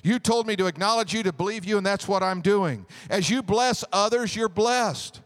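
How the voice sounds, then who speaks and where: A man preaching a sermon as pastor, animated, with a joke and call-and-response. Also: high-pitched, moderate pace.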